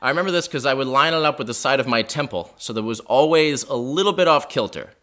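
A man telling a personal story live in a living room, wry and mocking himself. His voice is bright and carrying, and his pitch swings widely from line to line. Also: fast talker. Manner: self-deprecating, animated, wry. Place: living room house show.

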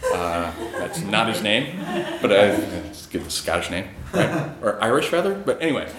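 A man's voice: lowish voice, lively intonation, moderate pace, echoey room, over a noisy crowd. A man telling a personal story on stage in a casual, chuckling way, with many fillers.

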